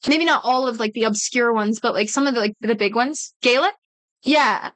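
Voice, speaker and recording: A high-pitched woman chats loosely with her stream viewers, wandering between thoughts and cutting herself off mid-sentence. She swears freely and casually. The sound is dry and close, with no room echo. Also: normal speed, fairly bright tone. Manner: rambling, profane, self-interrupting. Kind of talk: casual livestream chat with viewers.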